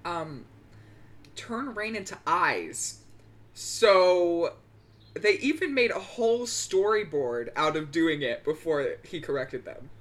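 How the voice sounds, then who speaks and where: A woman's voice: low voice, slow. A young adult woman in casual chat, asking trivia questions, giggly and self-deprecating.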